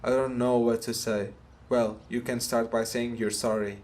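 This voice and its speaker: A man's voice: medium pitch, flat delivery, normal speed, darkish tone, natural voice. A man voicing a meek young hero who stammers and apologizes while reading game dialogue aloud. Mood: apologetic. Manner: hesitant, stammering.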